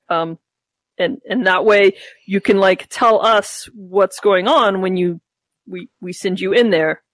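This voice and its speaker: A woman's voice: medium pitch, measured pace, no echo. A woman playing a tabletop game, talking casually with lots of stammering restarts.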